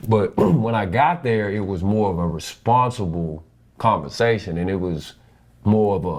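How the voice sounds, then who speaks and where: A man's voice: lowish voice, moderate pace. A young man earnestly telling a personal story about his marriage, acting out the people he quotes. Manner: earnest, animated, quotes people in changed voices. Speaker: husband sharing his story.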